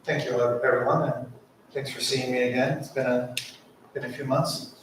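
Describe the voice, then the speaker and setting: A man's voice: medium pitch, level tone, moderate pace, noisy background. A man giving an impassioned public comment at a city council meeting, asking rhetorical questions. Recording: echoey council chamber mic from far off.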